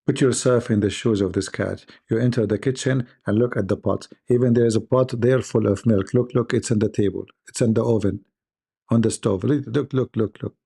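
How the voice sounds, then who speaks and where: A man's voice: on the low side, steady tone, brisk, creaky, warm tone, husky. A man giving sarcastic reaction commentary in non-native English, with rambling asides.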